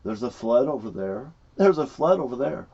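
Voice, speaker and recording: A man's voice: mid-range voice, big pitch swings, moderate pace, gravelly, dark tone. A man doing his urgent young niece. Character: excited young woman, a niece. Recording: dull lo-fi recording.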